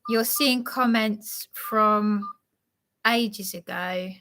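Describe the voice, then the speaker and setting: A woman's voice: medium pitch, extremely slow, pushed and bright, a little hiss or hum. A woman live streaming, talking in a flustered, agitated and apologetic way. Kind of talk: rambling live-stream chat.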